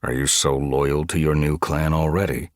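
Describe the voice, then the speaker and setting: A man's voice: rumbling low, steady tone, moderate pace, dry recording, clean studio sound. A man voicing a firm, determined male cat who leads his clan, in an audiobook. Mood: stern. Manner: firm, insistent. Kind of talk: audiobook character voice.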